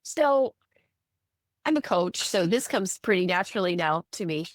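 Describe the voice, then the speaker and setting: A middle-aged woman from the US, an ADHD coach teaching on a live video call, animated and acting out quoted voices with self-deprecating asides. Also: on the low side, normal speed, no room sound, clean studio sound. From Midwestern US. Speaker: ADHD coach and guest speaker.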